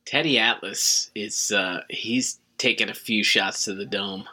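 A man's voice: fairly low pitch, steady tone, measured pace, bright, forceful tone, husky. A middle-aged man co-hosting a comedy podcast, chatting casually and dropping dry one-liners. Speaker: podcast co-host.

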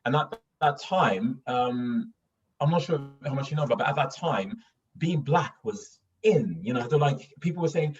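A dull, distant mic records a young adult man from northern England, a voice actor with a refined English accent. Telling stories in a casual interview, he uses lots of fillers and restarts, his medium-pitched voice lively in intonation and moderate in pace.

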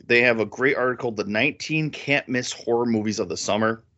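A man co-hosting a casual movie podcast, excitable and laughing, his voice jumping high when he gets worked up. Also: fairly quick, dull audio. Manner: excitable, jumps high in pitch when thrilled. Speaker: podcast co-host.

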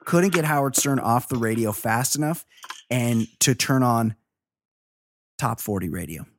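A middle-aged man co-hosts a laid-back podcast, reading listener emails and spinning long, crude stories packed with swearing. His voice is medium-pitched, expressive and unhurried, with no echo.

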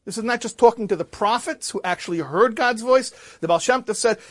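Animated high-voiced rabbi preaching. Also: male voice, fairly quick. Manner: animated, swings from loud emphasis to hushed asides. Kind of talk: storytelling sermon.

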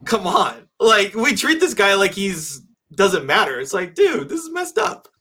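A man's voice: high-pitched, very animated, unhurried, pushed and bright, slight background noise. Rambling man in casual movie chat. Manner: rambling, many fillers and restarts.

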